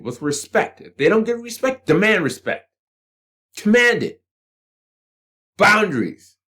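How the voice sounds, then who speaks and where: Blunt, swearing man ranting, lively pitch. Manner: blunt, combative, swears freely. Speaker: channel host. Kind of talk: profane motivational rant to camera.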